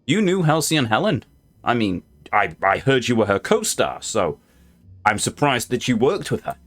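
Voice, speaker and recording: A man's voice: mid-range voice, big pitch swings, moderate pace, fairly bright tone, soft background music. A man hosting a let's play, talking through the game in a playful, gushing way. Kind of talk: casual gameplay commentary.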